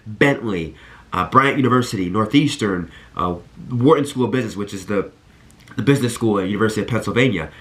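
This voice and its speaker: A man in his twenties talking to camera, giving earnest and animated college advice and telling stories straight to his viewers. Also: lowish voice. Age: 20s. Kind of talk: energetic talk to camera.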